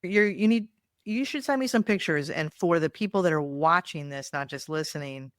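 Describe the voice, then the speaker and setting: A woman's voice: low-pitched, normal speed, dry recording. Supportive woman host, dry close sound. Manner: supportive, frequent short affirmations. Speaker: podcast host. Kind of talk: interview conversation.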